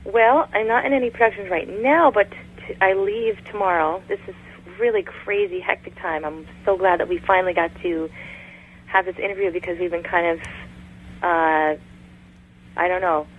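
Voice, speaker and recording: A woman's voice: lowish voice, steady tone, moderate pace. A woman guest in a casual interview, chatty and long-winded. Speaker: voice actress guest. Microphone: phone call. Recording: tinny phone line with faint noise.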